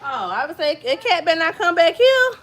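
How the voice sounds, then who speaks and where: A woman's voice: very high voice, big pitch swings, a little fast, a bit bright. A woman from New Jersey chatting casually with viewers on a livestream, telling stories and greeting people by name. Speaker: vlogger hosting a livestream.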